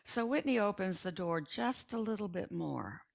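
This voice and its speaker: A woman's voice: medium pitch, lively intonation, moderate pace, vocal fry. An older woman reading a first-person short story aloud in a chatty, gossipy storytelling manner. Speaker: resident reader.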